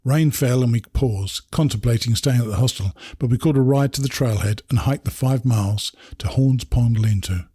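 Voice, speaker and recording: An English man reading his own hiking memoir aloud in a measured, reflective way. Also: medium pitch, warm tone, slightly rough, no echo, clean studio sound. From England. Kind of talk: first-person memoir narration.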